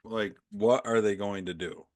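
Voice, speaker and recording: A man's voice: on the low side, fairly even intonation, a little slow, no room sound. A middle-aged man hosting a political podcast, chatting casually with a wry, sarcastic edge and frequent laughs. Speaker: podcast host. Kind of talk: casual opinionated chat.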